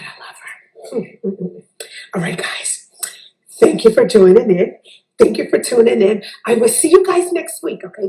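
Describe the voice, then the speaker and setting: A woman's voice: extremely high pitch, gravelly, a little mellow. A woman hosting a casual chat show, gushing and effusive as she talks to her guest and viewers. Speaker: host. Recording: echoey room.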